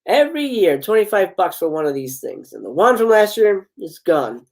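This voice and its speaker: A man's voice: high voice, very animated, normal speed. A man reading a script aloud, voicing a cocky young man who mockingly teases his sister. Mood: teasing. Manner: mocking, playfully ominous. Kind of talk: live script read-aloud.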